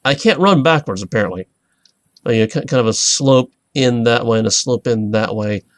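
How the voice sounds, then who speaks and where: Male let's-play host, mid-pitched, dry booth sound, excitable and rambling commentary. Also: moderate pace, dry recording. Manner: rambling, excitable, self-interrupting. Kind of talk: casual gameplay commentary.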